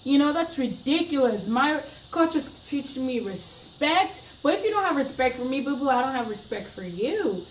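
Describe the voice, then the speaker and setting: A young woman recounts a story to camera in a chatty, emphatic way, with a fairly high voice. The room sounds echoey and the mic sits some way off, with a faint hiss underneath. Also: lively intonation, normal speed, few pauses. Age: young adult. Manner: chatty, emphatic, dramatic retelling. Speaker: vlogger. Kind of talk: casual storytime monologue. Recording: roomy, mic at a distance.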